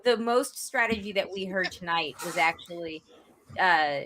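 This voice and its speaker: A woman's voice: lowish voice, normal speed, background noise. A woman with a Long Island accent co-hosting a casual podcast chat, laughing often and restarting her phrases. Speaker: podcast co-host.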